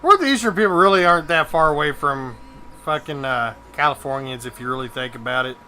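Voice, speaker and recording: A man's voice: fairly high pitch, expressive, brisk, bright, forceful tone, a little hiss or hum. A young man chatting casually while live-streaming a game, swearing and joking as he mocks other people. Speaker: gaming streamer. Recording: game music in the background.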